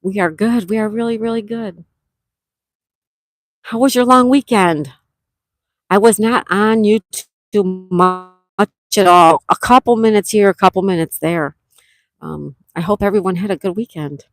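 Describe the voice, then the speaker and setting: A woman's voice: medium pitch, measured pace, long pauses, no echo. A woman hosting a casual livestream, greeting viewers by name and reading their comments aloud while she talks. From Western New York. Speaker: livestream host. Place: campsite cabin.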